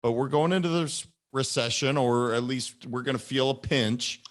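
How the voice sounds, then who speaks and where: A man's voice: mid-range voice, normal speed. A man hosting an interview podcast, asking long questions with enthusiasm. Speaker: podcast host.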